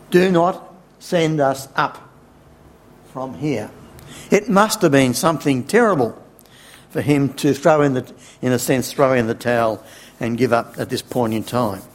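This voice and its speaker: A man preaching a sermon, unhurried, asking rhetorical questions and chuckling wryly. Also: mid-range voice.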